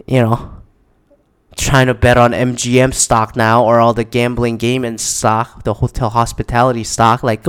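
A man's voice: medium pitch, moderate pace, clean tone. A man in a casual, rambling monologue, exasperated and swearing often.

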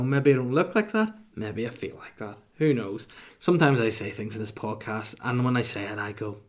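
A man, rambling through a casual solo podcast monologue with crude, self-mocking humor. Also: on the low side. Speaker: podcast host.

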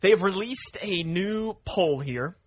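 A man's voice: high-pitched, a little slow, husky, no room sound. A man hosting a morning radio show, chatting casually and reading news and weather. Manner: relaxed, reads news and weather plainly.

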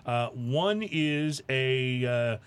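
A man hosting a casual talk show, chatting in a relaxed, easygoing way. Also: mid-range voice, very slow, clean tone. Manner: relaxed, chatty, hesitant restarts. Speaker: podcast host. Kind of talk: casual chat.

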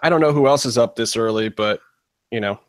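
Male co-host, mid pitch, rambling and jokey, dry close sound. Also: brisk, dry recording. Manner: joking, chatty, rambling. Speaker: podcast co-host. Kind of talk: casual chat.

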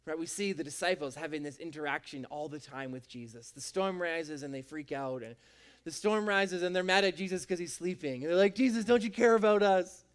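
A man's voice: on the high side, brisk, fairly bright tone. A man preaching a sermon as a pastor, with an emphatic, repetitive cadence.

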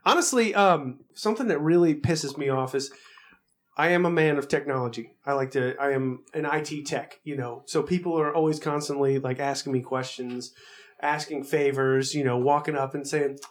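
A man's voice: fairly high pitch, normal speed. A man who works in IT, chatting casually and acting out coworkers in exaggerated voices, swearing freely. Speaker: IT tech, podcast co-host. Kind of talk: casual chat.

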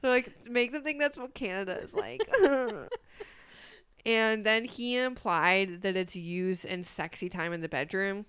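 A woman's voice: mid-range voice, measured pace, fairly bright tone, clean tone, dry recording. A young woman co-hosting a podcast, chatting casually and jokingly, often giggling and rambling about a dating show. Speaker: podcast co-host.

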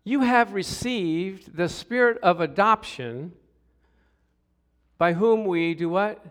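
A middle-aged man preaching a sermon, telling stories with hushed asides and sudden loud exclamations, and calling out for responses from the congregation. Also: high-pitched, takes it slowly. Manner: animated storytelling, swings from hushed to loud exclamations. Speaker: pastor.

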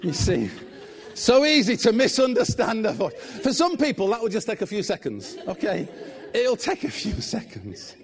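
A middle-aged man, preaching and praying with animated, humorous storytelling in a church. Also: high voice, normal speed, a faint crowd. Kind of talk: sermon.

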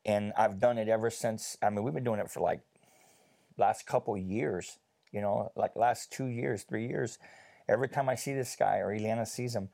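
A man telling a personal story in a casual faith discussion, chatty and animated, with many fillers. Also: medium pitch.

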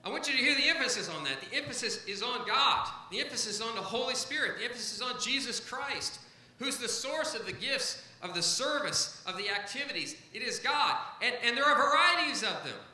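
A man's voice: very high-pitched, animated, brisk, bright, forceful tone, reverberant, rough recording. A man, a pastor, preaching a sermon to a congregation, stressing key points by repeating them. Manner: emphatic, repeats key phrases.

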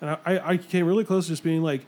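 A man's voice: a little high, fairly even intonation, quick pace, darkish tone. A young man co-hosting a podcast, chatting casually and laughing often as he tells stories. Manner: laid-back, laughs often. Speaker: podcast co-host.

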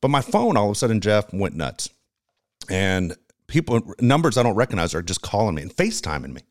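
A man's voice: on the low side, sing-song, brisk. A middle-aged man hosting a sports radio show, telling a personal story in a rambling, emotional way with profanity. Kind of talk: casual sports talk.

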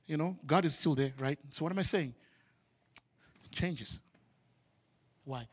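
A man from Zimbabwe preaching a sermon as a pastor, animated, swinging from loud exclamations to quiet asides. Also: a little high, takes it slowly, long pauses, husky, big-room sound.

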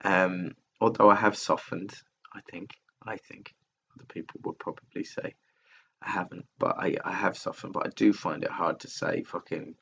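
A man's voice: deep voice, steady tone, moderate pace, vocal fry, pushed and bright, muffled recording, slight background noise. A man talking candidly and casually on a solo podcast, rambling and swearing often as he restarts his sentences. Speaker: podcaster recording alone. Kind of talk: casual personal monologue. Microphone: laptop recording software.

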